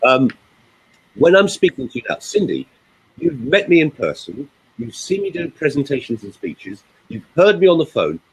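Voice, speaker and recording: A man coaches voice use over a group call in a medium-pitched, slightly rough voice, captured on a rough recording. He is emphatic and animated, demonstrating pauses as he goes.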